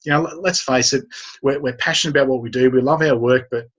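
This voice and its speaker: A husky-voiced man talks through his copywriting advice in a relaxed interview and hammers his main points home by repeating them. The audio is dull and lo-fi. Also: mid-range voice, quick pace. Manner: emphatic, repeats key phrases. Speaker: copywriter guest. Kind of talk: casual interview chat.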